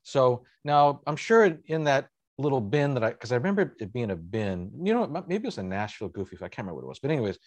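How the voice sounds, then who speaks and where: A man hosting a podcast, chatting casually and reminiscing in an easygoing way that often trails off softly. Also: mid-range voice, sing-song, fast talker, hardly any pauses, no room sound. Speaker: podcast host. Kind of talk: casual conversation.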